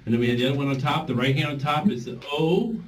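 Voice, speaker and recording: Fast and lively in a mid-range voice, this male instructor leads a group voice therapy class. Step-by-step coaching alternates with sung vowel demonstrations, and the far-off mic picks up faint ambient noise.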